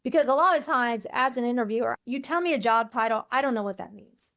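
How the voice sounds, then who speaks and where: A woman's voice: fairly high pitch, quick pace, fairly bright tone. A woman UX researcher talking as a podcast guest, candid and blunt in casual interview chat.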